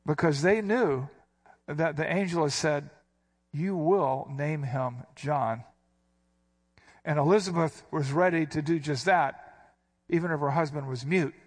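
A man's voice: on the high side, normal speed, husky. A man preaching a sermon, explaining scripture verse by verse with emphatic stresses. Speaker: pastor.

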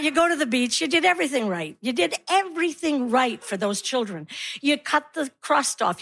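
A middle-aged woman performs a stand-up comedy set of animated stories, acting out her kids and herself in shrill voices.

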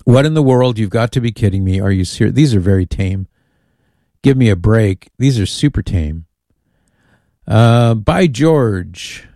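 Male call-in radio host: low, warm, dry studio sound, easygoing and amused. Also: lively intonation, measured pace, dry recording. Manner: chatty, amused, reads listener emails aloud.

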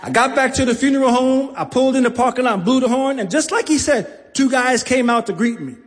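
A man's voice: very high-pitched, brisk. A man telling a personal story live on stage, acting out voices and laughing often. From New York. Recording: long hall reverb, faint crowd ambience.

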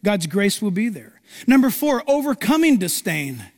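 A man's voice: high voice, normal speed, big-room sound. A male pastor preaching a sermon, telling stories dramatically and acting out the quotes. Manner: animated, dramatic storytelling with acted-out quotes.

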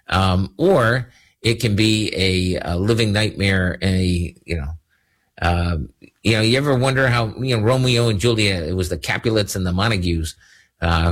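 A man's voice: deep voice, a bit bright. A middle-aged man hosting a radio show as a lawyer, talking in a rambling, jokey way with lots of fillers. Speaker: radio show host and attorney. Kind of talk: casual radio talk.

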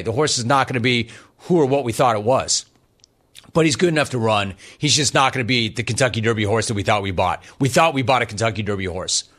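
A middle-aged man hosting a talk show, ranting emphatically in an animated monologue. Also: medium pitch. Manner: emphatic, riffs and rants, acts out quotes. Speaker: radio talk show host.

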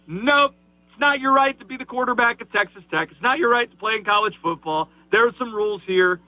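A man who is a guest on a sports radio show, calling in while driving, giving a forceful, ranting opinion with a slightly raspy voice and lots of repetition. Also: extremely high pitch, fairly quick, no echo, lo-fi sound. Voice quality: raspy in the morning. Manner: emphatic, ranting, repeats himself. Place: driving in a car.

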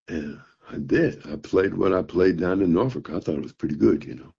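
Older male storyteller, husky and gravelly, casual and halting, dull lo-fi sound. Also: low voice, mellow. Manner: halting, with fillers and repeated words. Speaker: blues musician telling a story to an interviewer. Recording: dull, muffled recording.

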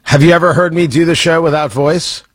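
A man's voice: a little high, steady tone, a little fast, breathy edge. A man hosting a radio morning show, bantering and teasing his co-hosts in a casual, joking way. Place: radio studio.

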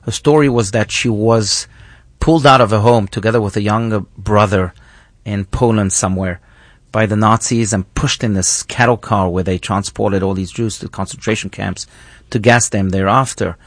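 Earnest rabbi, dry close sound. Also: male voice, lowish voice, steady tone, normal speed, no echo. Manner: thoughtful, earnest, with frequent restarts. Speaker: rabbi, guest. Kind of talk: reflective teaching in conversation.

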